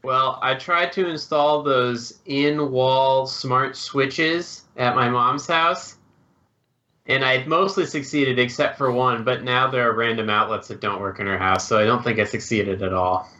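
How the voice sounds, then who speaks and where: Dry matter-of-fact guy co-hosting a tech podcast, bright tense voice, kinda muffled audio. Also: medium pitch, fairly even intonation, unhurried. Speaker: podcast co-host. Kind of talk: casual tech podcast chat.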